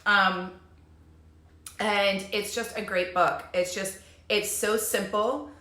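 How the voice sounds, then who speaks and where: A woman's voice: medium pitch, steady tone, slow, sharp tone. Bubbly, chatty woman in an echoey room. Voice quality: bubbly, chatty, many fillers. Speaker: life coach. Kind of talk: casual live-stream talk.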